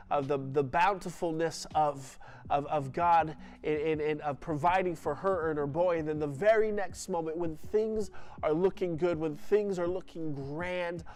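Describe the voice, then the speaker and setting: A man's voice: on the high side, a little mellow. A male pastor preaching a sermon emphatically, often restarting his phrases with repeated words.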